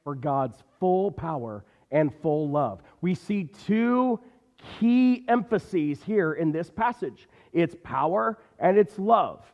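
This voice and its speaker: A man delivers a sermon with an emphatic, repeating cadence. His voice sits a little high for a man. The long hall reverb and the dull, muffled sound make it feel like a church recording. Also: very animated, slow pace, a little mellow. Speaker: preacher.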